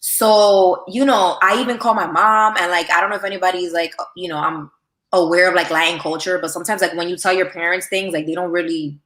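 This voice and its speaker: A woman telling a personal story in a casual, animated way, full of "like" and "you know". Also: lowish voice, brisk, reverberant. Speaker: podcast guest.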